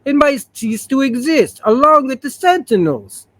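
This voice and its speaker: Man doing earnest russian comic-book giant, raised pitch, put-on accent, gentle. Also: lively intonation, a little slow, dry recording, full character voice. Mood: tender, pleading.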